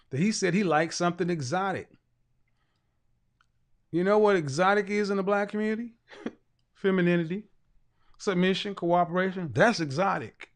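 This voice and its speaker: A middle-aged man with a voice pitched fairly high for a man, holding forth as a talk show host. He lectures emphatically and drives each point home by repeating it. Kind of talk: lecturing commentary monologue.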